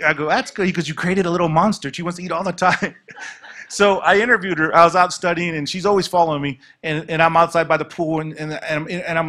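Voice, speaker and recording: A man preaching and telling a testimony story, acting out the dialogue with lively energy. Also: a little high. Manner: animated, acts out dialogue.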